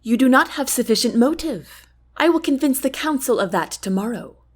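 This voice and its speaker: Formal guarded young queen, lady reading her in a storybook, lots of pitch movement. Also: expressive, moderate pace, husky. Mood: earnest. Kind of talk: audiobook character reading.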